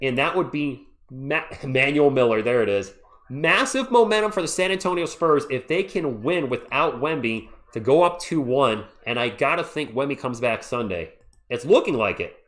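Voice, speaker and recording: A man hosting a live play-by-play stream, calling the action and chatting with viewers in an excitable, jokey way. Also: mid-range voice, moderate pace. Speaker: livestream play-by-play host. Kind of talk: live play-by-play with chat reactions.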